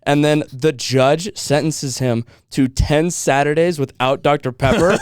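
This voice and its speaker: A young man co-hosting a podcast, telling stories in a casual, animated way, laughing often and swearing now and then. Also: medium pitch, measured pace, few pauses, clear, resonant tone, no echo, studio quality. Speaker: podcast co-host. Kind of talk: casual chat.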